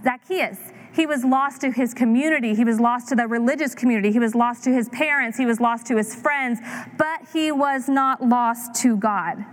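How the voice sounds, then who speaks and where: A woman in her thirties preaching a sermon, telling a story with lively acted-out voices. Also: fairly high pitch, moderate pace. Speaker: pastor.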